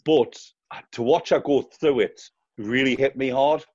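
Middle-aged Geordie man, chatty and quick to laugh, dry and muffled audio. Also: mid-range voice, darkish tone, no echo. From North East England. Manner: chatty storyteller, laughs often. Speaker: guest, charity fundraiser runner. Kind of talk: casual interview chat.

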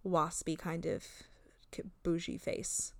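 A woman's voice: fairly low pitch, flat delivery, slow pace, gravelly, no echo, whispered, clean studio sound. A young woman co-hosting a casual podcast, recapping a reality show with lots of fillers and voiced-out quotes. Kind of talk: casual chat.

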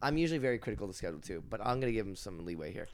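A man hosting a casual chat, excitable and repeating himself as he builds up a point. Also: lowish voice, very fast, no room sound.

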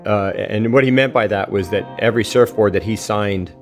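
A man's voice: fairly low pitch, moderate pace, faint music behind. A man, a professional surfer, casually recounting anecdotes with fillers and quoted dialogue.

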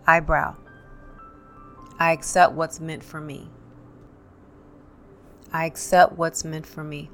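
A woman leading a guided tapping session, calmly calling out tapping points and repeating affirmations for listeners to echo. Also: deep voice, slow, pauses often, soft background music. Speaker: tapping instructor.

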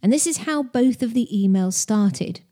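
A woman's voice: a little high, expressive, normal speed, mellow. A woman who hosts a podcast, giving business advice in a chatty, direct way and explaining with stories and analogies. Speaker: podcast host.

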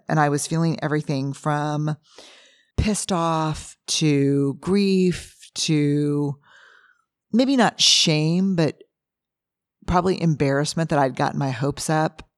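A hoarse woman hosting a podcast, telling animated stories in a casual monologue and acting out what people said. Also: low-pitched, measured pace, dry recording, clean studio sound. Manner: animated storyteller who acts out quotes, with frequent restarts. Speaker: podcast host and researcher. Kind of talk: casual monologue answering listener questions.

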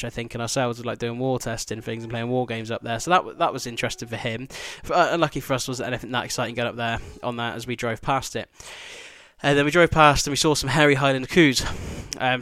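Male podcast host, fast, profane, rambling storyteller, dry close sound. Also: medium pitch, a bit bright, no echo. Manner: sweary, rambling, laughing asides. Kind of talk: casual travel storytelling.

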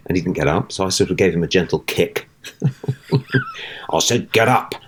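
There's slight background noise as a man with a low voice talks at normal speed. He's a middle-aged actor and interview guest, animatedly relating a long anecdote from the theater and voicing its characters himself.

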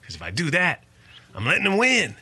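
A man putting on a Virginia accent to voice a calm, unbroken Southern man in a laid-back drawl. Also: a little high, a little fast, pitched above the performer's own voice, exaggerated voice. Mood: calm, resolute.

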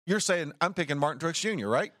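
A man's voice: on the high side, lively intonation, quick pace, a bit bright, no echo. A man co-hosting a sports betting show from a studio, giving blunt, opinionated takes in a conversational way. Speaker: co-host.

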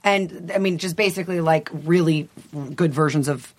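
A woman from Ohio, an actress being interviewed, chatting in a rambling, animated way with lots of laughter. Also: sits low, moderate pace. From Ohio, USA. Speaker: actress guest. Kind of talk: casual interview chat.

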